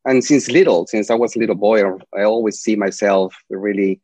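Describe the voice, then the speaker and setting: A man's voice: on the low side, fairly quick, darkish tone, dry recording. Spanish-accented man telling stories, dry sound. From Peru. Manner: talkative, long rambling stories. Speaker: guest. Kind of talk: casual interview storytelling. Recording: dry, slightly dull lo-fi sound.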